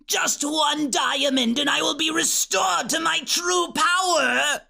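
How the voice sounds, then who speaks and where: A man's voice: very high voice, bright, forceful tone, voice pushed up, exaggerated voice. A man putting on a shrieking chaos witch. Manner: shrieks, then drops to a slow rasping whisper. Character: shrieking ancient female chaos witch in a cup.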